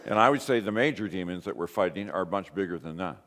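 A male pastor giving a conversational sermon in a church, mostly calm, rising to emphatic bursts. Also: low-pitched, fast. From grew up in a Pentecostal church. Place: church sanctuary. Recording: long hall reverb.

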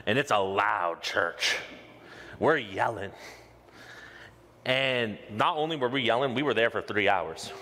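A man's voice: fairly low pitch, expressive, bright, forceful tone, slight background noise. Passionate male preacher in a reverberant hall. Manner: passionate, emphatic preaching with slow repeated lines. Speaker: pastor. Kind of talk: sermon. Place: church sanctuary. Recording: long reverb of a large hall.

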